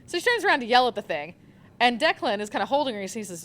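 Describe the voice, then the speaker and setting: A woman's voice: a little high, big pitch swings, fast, fairly bright tone. A young woman recommending manga on a live convention panel, gushing and rambling with lots of fillers.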